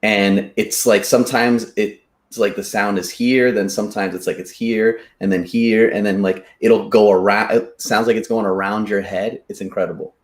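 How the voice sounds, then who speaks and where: A man's voice: fairly low pitch, steady tone, normal speed, hardly any pauses, roomy sound. A man chatting casually on a podcast, explaining things earnestly and with enthusiasm. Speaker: podcast guest.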